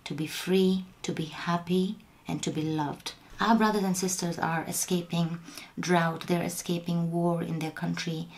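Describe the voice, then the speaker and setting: A young woman speaking straight to camera in an impassioned, pleading appeal, her voice shaking, sometimes dropping to a hushed whisper. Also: lowish voice, level tone, moderate pace. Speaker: vlogger.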